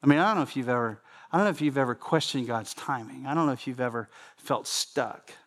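A man's voice: medium pitch, quick pace, fairly bright tone. A man preaching a sermon in a conversational way, often repeating phrases and speaking straight to the congregation. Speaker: pastor.

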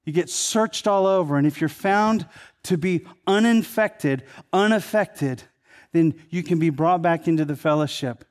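High-voiced man preaching a conversational sermon. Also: unhurried. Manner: conversational preaching, rising to emphatic peaks then dropping low. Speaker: pastor.

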